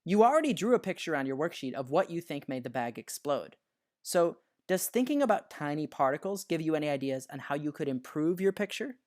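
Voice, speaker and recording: A science teacher narrating a scripted lesson in a patient, explanatory way, slowing down to stress key words. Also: medium pitch, sing-song, darkish tone.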